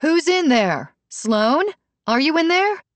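A woman's voice: medium pitch, expressive, takes it slowly, darkish tone, dry recording, voice pushed up. A woman narrating an audiobook voices a frantic mother who demands answers in a raised, urgent voice. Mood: urgent, demanding. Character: frantic, forceful mother searching for daughter.

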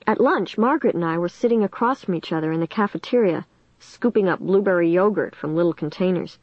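A woman reading a first-person audiobook in a steady, measured way. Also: fairly low pitch, no echo, dull audio. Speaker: audiobook narrator.

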